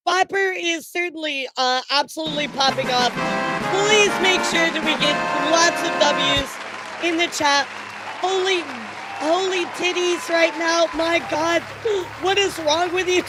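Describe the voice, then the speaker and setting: Very high-voiced excitable streamer woman. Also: measured pace, over music, crowd noise, poor audio. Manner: excitable, laughing, swearing, stammering repeats. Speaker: livestreamer. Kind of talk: casual livestream chat with viewers.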